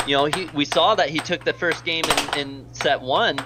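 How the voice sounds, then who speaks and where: This is live air hockey play-by-play from an American man whose fairly high voice holds a steady tone at normal speed under heavy background noise. Close to losing his voice, he chats and rambles, stopping between plays to thank donors.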